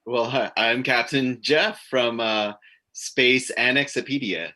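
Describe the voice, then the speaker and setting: Male improviser as a stammering alien double, bright-toned. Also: medium pitch. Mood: bumbling. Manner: halting, stammering. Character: confused male alien envoy, a mirror double of the captain. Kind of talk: improvised sci-fi comedy.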